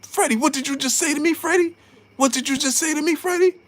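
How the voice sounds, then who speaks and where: A man putting on a shrill voice as an agitated man angrily confronting a boxing trainer, repeating his demands. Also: quick pace, background noise. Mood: confrontational.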